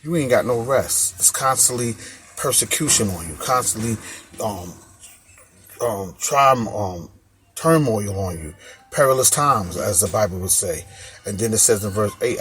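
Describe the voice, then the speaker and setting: A man's voice: fairly low pitch, lively intonation, a little slow, fairly bright tone. A man preaching an informal sermon, reading scripture and repeating key phrases for emphasis in casual street speech. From United States.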